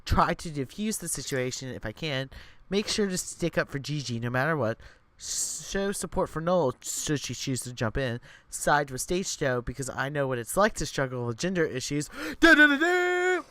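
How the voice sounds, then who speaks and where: A man streaming live as he reads out a story game, excitable and animated. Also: mid-range voice. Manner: excitable, animated, quick to gasp and laugh.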